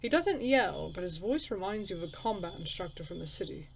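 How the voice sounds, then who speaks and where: A woman's voice: lowish voice, very animated, brisk, vocal fry, a little hiss or hum, poor audio. A woman playing a story game, reading its text aloud and thinking aloud in casual, chatty commentary, laughing at herself. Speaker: let's player.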